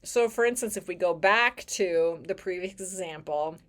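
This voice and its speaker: A woman teaching choir technique in an educational video, speaking clearly and with emphasis, sometimes singing short examples. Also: on the low side, normal speed, a bit bright.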